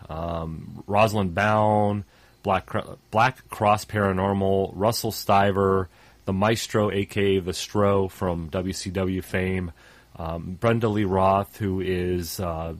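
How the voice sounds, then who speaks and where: A man's voice: low voice, no echo. A man co-hosting a radio show in casual talk, stuffed up, rambling with many fillers and trailing off at phrase ends.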